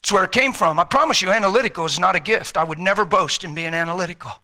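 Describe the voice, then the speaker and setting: A male preacher with a very high, piercing, bright voice gives a fervent sermon. He exhorts with rising force, then drops low and intense. His delivery is urgent and insistent. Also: quick pace.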